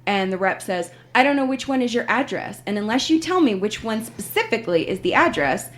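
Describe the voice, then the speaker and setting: A woman's voice: fairly high pitch, fairly quick. Woman podcast host ranting through a story, voice jumping all over, does the voices of the people she quotes. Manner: animated storyteller, acts out quoted phone reps. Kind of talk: casual chat.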